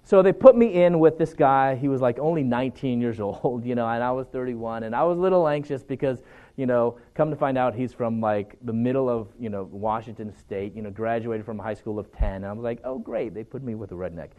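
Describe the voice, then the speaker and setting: A middle-aged man speaking to a student audience, telling his own story in a loose, halting way, with frequent 'you know' and 'um'. He sounds earnest and encouraging. His pitch sits at an ordinary middle level for a man. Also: phone-quality sound. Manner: halting and conversational, with constant 'you know' and fillers. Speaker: guest speaker. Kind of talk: personal testimony talk to students.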